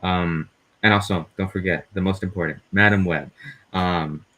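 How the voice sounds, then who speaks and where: A man's voice: low-pitched, steady tone, normal speed, fairly bright tone. A man hosting a casual interview, asking long, winding questions. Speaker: host.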